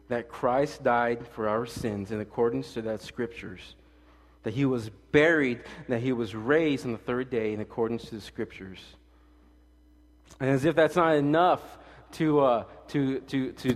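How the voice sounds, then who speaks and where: Telling jokes and stories at a quick clip, a male pastor preaches casually, alternating between forceful, loud statements and hushed asides. His pitch is medium, and the audio has a big-room quality.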